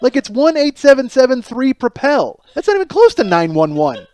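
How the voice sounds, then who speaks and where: A man's voice: extremely high pitch, huge pitch swings, normal speed, a little mellow, no room sound. A man in his forties hosting a solo comedy podcast, ranting in disbelief and rambling through a story with plenty of profanity. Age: 40s. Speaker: podcast host.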